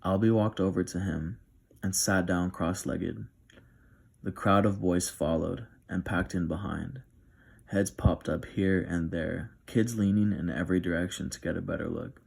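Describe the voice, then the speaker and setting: A man reads a novel aloud in a soft, even ASMR style. His voice is very low and gravelly with plenty of fry. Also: a little slow. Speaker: narrator. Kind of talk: ASMR story reading.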